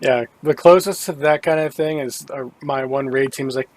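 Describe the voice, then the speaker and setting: A man hosting a podcast, easygoing and chatty, telling a short anecdote with quick asides. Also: medium pitch, darkish tone. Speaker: podcast host. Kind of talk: casual chat.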